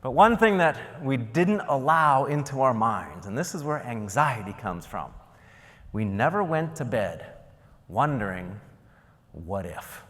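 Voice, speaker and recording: A man's voice: medium pitch, unhurried. A man from Ohio giving a keynote speech, telling stories with jokes and acting out the scenes. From Ohio, United States. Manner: animated, joking storyteller acting out scenes. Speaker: keynote speaker. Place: large conference hall. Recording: long reverb of a large hall.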